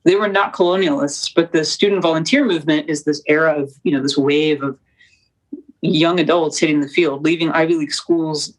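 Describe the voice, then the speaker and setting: A young woman, a documentary producer, talking as a guest in an interview, with fast, animated, preacherly storytelling. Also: deep voice, low-quality recording. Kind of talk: conversational interview.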